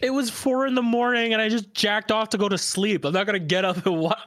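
A young man telling a crude story in casual podcast chat, breaking into loud indignant outbursts. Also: high voice, steady tone, quick pace, no room sound, studio quality. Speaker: podcast co-host.

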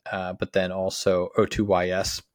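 A man with a very low, level voice talks through lawn steps in an easygoing, rambling way. He leans on ums and uhs as he goes. The sound is dry and close. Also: normal speed, no room sound. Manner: relaxed, filler-heavy explaining. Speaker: podcast co-host. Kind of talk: casual how-to chat.

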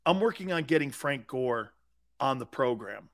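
A man hosting a sports talk radio show, telling stories with emphatic repetition and growing excitement. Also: mid-range voice, moderate pace, dry recording, studio quality.

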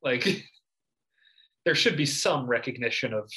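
A man's voice: mid-range voice, expressive, slow, bright, forceful tone, poor audio. A man speaking as a sports reporter and co-host on a casual podcast, giving thoughtful analysis with a light touch of humor.

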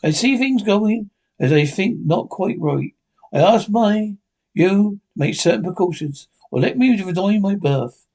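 A man's voice: high voice, lively intonation, a little slow, a little mellow, voice pushed up, full character voice. A man reading an audiobook voices a stern, blunt sea captain who speaks formally in a raised voice. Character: gruff, stern older male ship captain.

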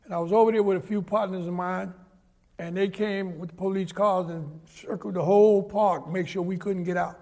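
In this interview, an older man from New York recounts his life story at a moderate pace. His voice is high with a gravelly rasp, and he tells it with real animation, slipping into the voices of the people he describes.

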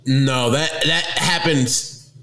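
A man co-hosting a casual sports talk show, joking and animated, often breaking into laughter as he talks. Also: mid-range voice, slow pace. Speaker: show co-host.

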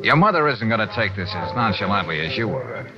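A tough, wisecracking detective, with a lively, swinging delivery. It sounds like a lo-fi old radio broadcast with music behind. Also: male voice, fairly low pitch, fairly quick. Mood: brisk. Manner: clipped, wisecracking. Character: brisk, tough male detective. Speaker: lead detective. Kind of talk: 1940s radio acting.

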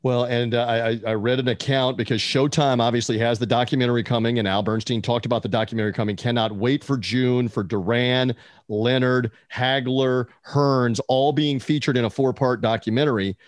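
A man's voice: mid-range voice, fairly even intonation, a little fast, no room sound, studio quality. A man hosting a podcast, telling stories in an enthusiastic, rambling casual chat. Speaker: podcast host.

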